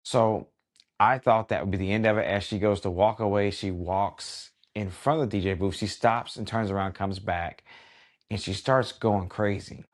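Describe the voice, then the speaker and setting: Middle-aged man telling a story, slightly low voice. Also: moderate pace. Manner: relaxed and conversational, many "you know" asides. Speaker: wedding DJ and podcast host. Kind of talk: casual storytelling podcast.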